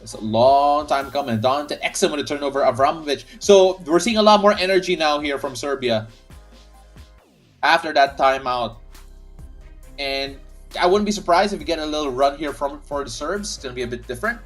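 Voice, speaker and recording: A man's voice: fairly high pitch, normal speed, a bit bright, soft background music. A man hosting a live basketball watch-along stream, calling the action casually and reading viewer comments aloud. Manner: chatty, reads viewer comments aloud, frequent restarts. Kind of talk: casual play-by-play and chat reading.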